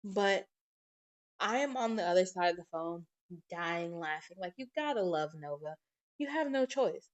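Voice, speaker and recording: A woman hosting a podcast, telling family stories in a casual, animated way and swearing freely. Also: on the low side, normal speed, dull audio. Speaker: podcast host. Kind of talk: casual storytelling monologue. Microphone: podcast microphone.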